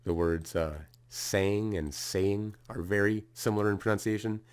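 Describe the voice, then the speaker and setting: Casting: man with a very low voice, relaxed self-taught lesson tone, casual phrasing, sounds out letters. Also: measured pace. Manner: casual, thinking aloud, fillers and restarts while sounding out runes. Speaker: video creator explaining a rune spelling system.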